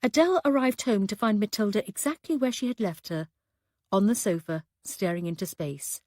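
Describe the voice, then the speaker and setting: Woman reading an audiobook, measured and even, dead dry close mic. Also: mid-range voice, no echo. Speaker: audiobook narrator. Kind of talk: scripted audiobook narration.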